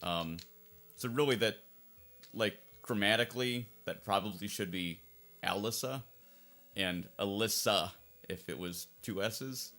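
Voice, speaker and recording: A man's voice: on the low side, measured pace, a bit bright, faint music behind. A man casually commentating over a game playthrough as its fan translator, rambling and circling back on his points. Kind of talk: casual let's-play commentary.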